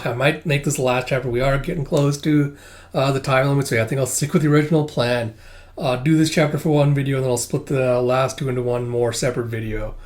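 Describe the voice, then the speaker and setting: A young man casually narrating his way through a comic, rambling and full of filler words. He swears now and then and keeps an easy, loose pace at a middle pitch. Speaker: comic book reviewer.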